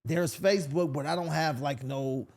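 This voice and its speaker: A man's voice: on the high side, normal speed. A male comedian from Sacramento telling a story in a casual podcast chat, acting out the voices of the people in it. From Sacramento, California. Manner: animated, acts out voices in his stories. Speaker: comedian guest.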